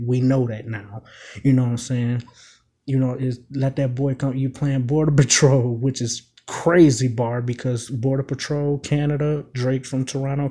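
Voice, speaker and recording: A man's voice: medium pitch, dark tone. A man casually breaking down rap lyrics line by line, emphatic, repeating quoted bars and asking if the listener follows. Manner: emphatic, repeats quoted lines, keeps asking "you know what I'm saying". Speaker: commentator.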